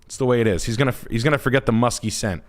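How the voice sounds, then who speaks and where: A man's voice: mid-range voice, very fast. A man hosting a podcast, talking brashly and profanely in crude comic chat. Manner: brash, profane, puts on voices while telling stories. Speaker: podcast host.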